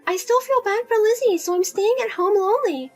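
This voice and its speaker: A woman's voice: extremely high pitch, brisk, faint music behind. A woman voicing a whiny, nagging older mother. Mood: self-pitying. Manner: nagging, whiny, guilt-tripping. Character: spendthrift widowed mother, pushy and self-pitying. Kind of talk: narrated drama story.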